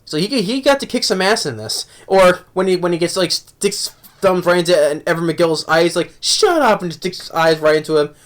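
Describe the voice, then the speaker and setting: A man's voice: high voice, normal speed, hardly any pauses. A young man casually reviewing a movie, rambling with many restarts and laughs.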